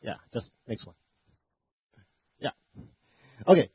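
A man pastor preaching a conversational sermon with a stuffy, congested voice from the flu, with joking asides and self-corrections. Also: slow. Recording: dry, phone-like narrow sound.

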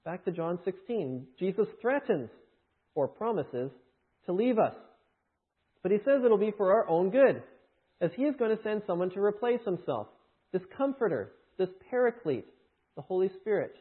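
A man teaching from scripture in a sermon, answering his own rhetorical questions with emphasis. His voice is husky and pitched high. It comes through thin and tinny, like a phone line. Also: big pitch swings, normal speed. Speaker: preacher.

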